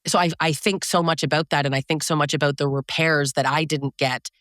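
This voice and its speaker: A therapist guest speaks frankly and thoughtfully, pausing to search for the right words. The voice is mid-pitched, and the recording is dry and close, with no room sound. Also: steady tone, a bit bright, no echo. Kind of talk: reflective conversational talk.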